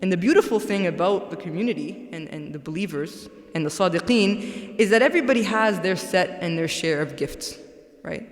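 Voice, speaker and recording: A woman's voice: lowish voice, lively intonation, brisk. A woman giving a religious talk to a congregation, conversational, often checking in with "right?". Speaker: guest speaker. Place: large mosque hall. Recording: echoey hall with long reverb.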